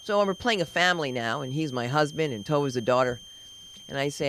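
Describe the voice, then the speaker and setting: A middle-aged woman doing stand-up at an open mic, telling loud, animated stories with sudden shouts. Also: low voice, fairly quick, slight background noise, poor audio. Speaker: stand-up comic. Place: comedy club stage.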